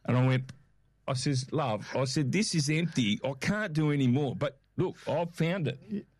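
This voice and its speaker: A middle-aged Australian man in casual chat as co-host, telling stories with lively acted-out quotes. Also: on the high side, moderate pace, breathy edge. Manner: animated storyteller, acts out quotes.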